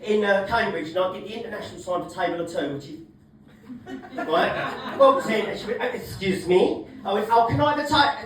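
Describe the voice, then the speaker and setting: A man doing a stand-up comedy set, brash and sweary, shouting his punchlines. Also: high-pitched, brisk, very echoey, far from the mic, slight background noise, low-quality recording. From England. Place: comedy club stage.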